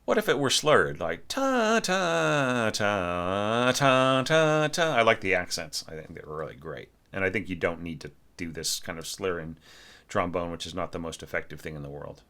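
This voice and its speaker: An orchestration teacher gives feedback on a score in a loose, chatty way, peppering his talk with "you know" and "like" and singing out notes. His voice sits low and sounds animated, brisk, and sharp.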